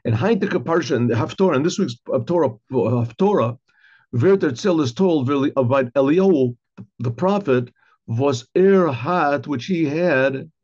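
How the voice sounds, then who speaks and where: Middle-aged rabbi man, husky voice a bit on the high side, chatty class, keeps restarting and clearing his throat. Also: animated, moderate pace, darkish tone. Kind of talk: informal Torah class. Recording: dull lo-fi recording.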